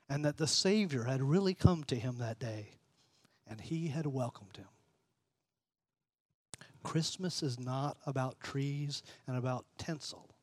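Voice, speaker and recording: A pastor reading a story aloud and preaching a sermon, measured and earnest, slowing and softening for emphasis. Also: male voice, a little high, dry recording.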